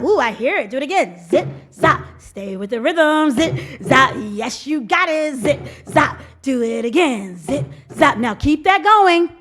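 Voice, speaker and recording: A woman leading an audience in a rhythmic call-and-response drum game, chanting and coaxing. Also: high-pitched.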